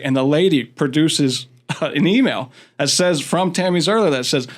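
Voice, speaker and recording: A man's voice: on the high side, fairly quick. Laughing Florida man telling stories. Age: adult, father of school-age daughters. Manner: rambling, laughs often, acts out quotes. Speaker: guest, county commission candidate. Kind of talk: casual storytelling chat.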